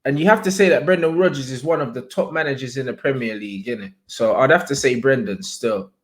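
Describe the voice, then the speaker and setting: A young man hosting a casual livestream, chatting in heavy slang and shouting out viewers. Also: medium pitch, quick pace. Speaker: livestream host.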